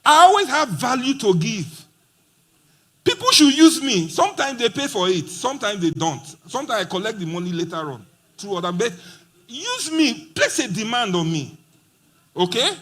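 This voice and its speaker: A man's voice: extremely high pitch, big pitch swings, normal speed, fairly bright tone. A man giving a playful motivational talk at a conference, acting out quoted dialogue. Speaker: conference speaker. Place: conference hall.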